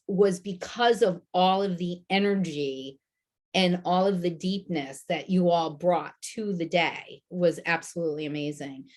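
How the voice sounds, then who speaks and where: A woman hosting a video call panel, enthusiastic and full of praise for her guests. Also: lowish voice. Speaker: host.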